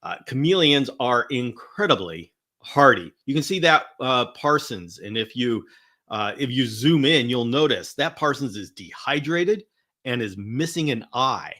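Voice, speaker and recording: Male host for a live teaching stream: upbeat, chatty, bright, forceful tone, stumbles and restarts often. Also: medium pitch, expressive, unhurried. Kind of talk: live-streamed educational talk.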